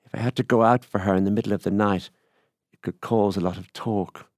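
A man's voice: fairly low pitch, steady tone, brisk, darkish tone, no room sound, clean studio sound, lightly acted. A man reading as a middle-aged rural widower who confides his story in a plain, musing way.

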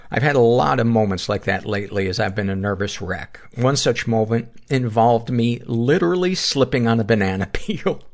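A man's voice: medium pitch, gravelly. A middle-aged man hosting a podcast, reading listener submissions aloud and adding wry asides between them. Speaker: podcast host.

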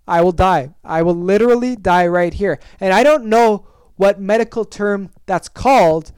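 A young adult podcast host on a comic solo rant, talking in an exaggerated, animated way and swearing freely. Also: mid-range voice, clear, resonant tone, no room sound.

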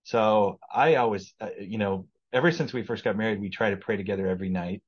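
A man's voice: on the low side, fairly quick, breathy edge, muffled recording. A man speaking earnestly as a podcast guest in a casual testimony conversation.

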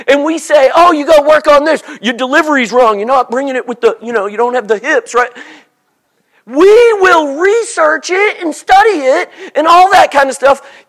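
Animated preacher, high lively voice. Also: male voice. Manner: animated, shifts into mock voices for imagined people. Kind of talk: sermon.

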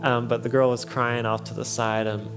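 Young male preacher, earnest storyteller, mid voice, music loud behind. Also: medium pitch, little pitch movement, moderate pace. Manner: earnest, storytelling, laughs often. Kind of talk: sermon.

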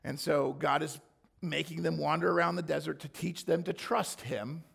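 A man preaching a sermon with a hoarse voice, reading scripture and acting out the people's complaints in sudden loud, high bursts. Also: fairly even intonation, moderate pace. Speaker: pastor.

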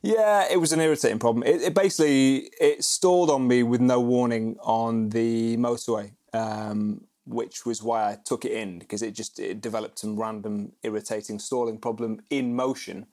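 A man's voice: mid-range voice, fairly even intonation, moderate pace, hardly any pauses, darkish tone. Chatty man, podcast co-host. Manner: chatty, self-mocking storytelling, laughs often. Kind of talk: casual podcast chat.

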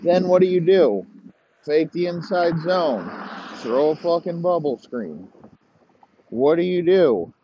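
A man's voice: fairly high pitch, very animated, takes it slowly, lo-fi sound, a little hiss or hum. A man hosting a podcast, ranting profanely and rambling in heated complaint. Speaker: podcast host. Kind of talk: profane casual rant.

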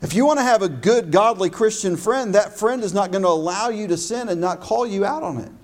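A male pastor preaching a sermon, stressing key phrases emphatically and slowing down on them. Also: high-pitched, lively intonation, a little mellow.

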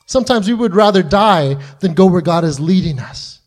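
A man with a high voice preaching to his congregation. He talks earnestly and acts out the quoted voices in the stories he retells. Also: animated, moderate pace, hardly any pauses, a little mellow. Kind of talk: sermon.

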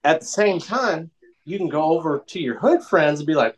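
A man co-hosting a podcast, chatting casually and telling profane, animated jokes. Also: on the high side, moderate pace, slightly rough, poor audio. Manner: animated, profane joking storyteller. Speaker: podcast co-host.

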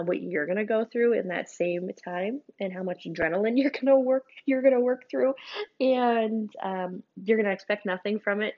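A woman's voice: lowish voice, gravelly, a little mellow. A woman, talking casually as a parent giving advice and often repeating and restarting her phrases. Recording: dull lo-fi recording.

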